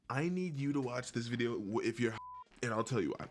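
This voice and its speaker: A man's voice: mid-range voice, expressive, fast, slight background noise. A man talking to camera in a casual vlog, rambling and jokey, swearing freely and breaking into laughs. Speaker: YouTuber.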